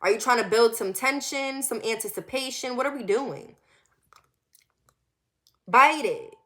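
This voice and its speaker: A young woman from the US Northeast telling a personal story in a casual, animated way, acting out quotes and dropping to low murmurs. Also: brisk. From Connecticut. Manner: animated and candid, acts out quoted lines, drops to low murmurs.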